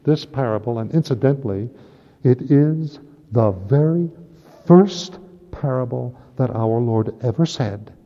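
Impassioned preacher in an echoing church. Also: male voice, mid-range voice, measured pace. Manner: impassioned, rising to emphatic peaks. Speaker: priest. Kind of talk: sermon. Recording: dull lo-fi recording in a long-reverb hall.

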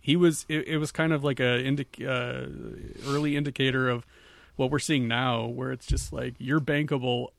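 A man co-hosting a casual movie chat, laid-back and rambling, with hesitant pauses. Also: medium pitch, fairly even intonation, vocal fry, no room sound. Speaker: podcast co-host.

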